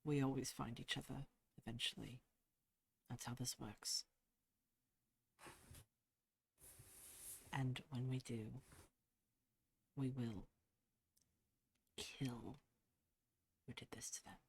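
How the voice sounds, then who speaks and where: A man voicing a steady male companion in a tabletop game, speaking low, hushed and resolute. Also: a little fast, vocal fry, hardly any pauses, breathy edge. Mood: grim resolve. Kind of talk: playing a character in a tabletop game.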